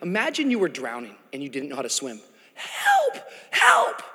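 A pastor preaching a sermon to his church, dramatic and building to shouts. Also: mid-range voice, huge pitch swings, fast, husky, big-room sound. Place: large church hall.

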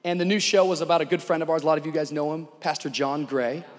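A male pastor preaching a sermon, moving from conversational storytelling to loud, urgent exhortation. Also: on the high side, fairly even intonation, fast talker, in a large hall, noisy background.

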